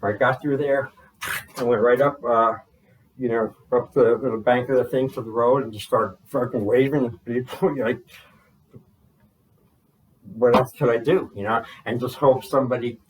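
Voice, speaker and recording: A man's voice: mid-range voice, fairly even intonation, moderate pace, long pauses, recorded from a distance, a little hiss or hum, low-quality recording. A man from New Jersey telling a story in loose, rambling talk full of fillers and swearing. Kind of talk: casual spoken account.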